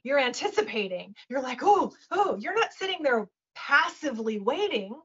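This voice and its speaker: A woman talks in a high voice with a touch of huskiness and coaches webinar listeners in a casual, lively way. She acts out little voices and keeps asking "right?". The audio is dull and lo-fi. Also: moderate pace, husky. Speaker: webinar guest speaker.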